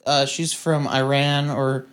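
A man from Minnesota chatting casually, blunt and animated, swearing freely. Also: mid-range voice, takes it slowly, clean tone. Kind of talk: casual chat.

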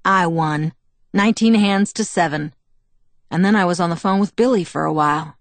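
A woman's voice: fairly low pitch, normal speed, no room sound, lightly acted. Woman narrator voicing a plain-spoken middle-aged dad in a storybook, blunt, dry close sound. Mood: easygoing. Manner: blunt, turns to shouting. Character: gruff middle-aged father, police chief, easily riled.

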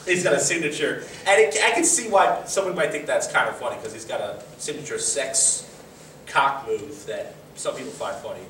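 A male comedian in casual chat, telling rambling stories with quick laughs. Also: medium pitch, expressive, a bit bright. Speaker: comedian, podcast host. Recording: echoey room, mic at a distance, faint noise.

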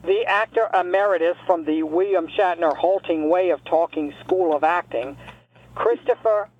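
Male actor as a cranky retired caller, high-voiced, sarcastic and insulting, comedy call-in. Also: normal speed, dull audio. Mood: grumbling. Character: grumpy retired older man from New Jersey, cranky caller.

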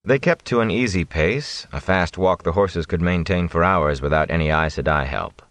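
A man narrating a fantasy audiobook with dramatic, expressive storytelling. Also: sits low, normal speed, dry recording.

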